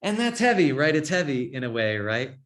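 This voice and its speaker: A man's voice: medium pitch, big pitch swings, a little fast, fairly bright tone. A man teaching a yoga and Buddhism class in a casual, chatty way, often checking in with "right?". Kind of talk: informal class talk.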